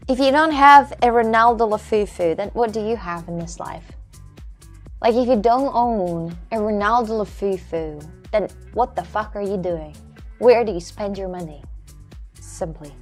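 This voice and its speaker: A woman's voice: medium pitch, normal speed, soft background music. A woman with a Russian accent chatting casually on a live stream from home, rambling and often stumbling over and repeating her words.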